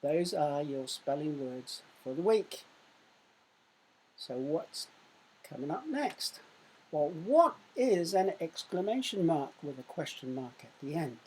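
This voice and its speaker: A woman teaches young children in a recorded lesson. She speaks very slowly and deliberately in a somewhat low, husky voice, and pushes her voice up loudly when she shows what an exclamation sounds like. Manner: slow, clear teaching voice that loudly acts out exclamations. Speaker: primary school teacher.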